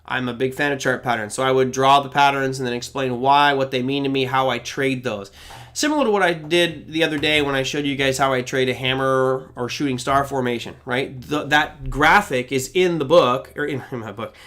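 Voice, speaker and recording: A man's voice: medium pitch, brisk, fairly bright tone. A middle-aged man hosting a live trading Q&A, casually explaining his approach and reading out viewer questions as he goes. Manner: conversational, explains while reading questions aloud.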